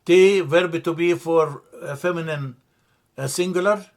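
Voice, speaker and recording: A man teaching a language lesson from slides, slow and deliberate, repeating terms and correcting himself as he explains. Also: on the high side. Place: church classroom.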